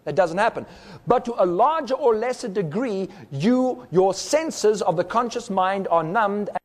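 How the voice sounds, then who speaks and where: A man's voice: sits high, big-room sound. A man giving a recorded teaching talk, explaining step by step and sounding out rhythms with his voice. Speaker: speaker.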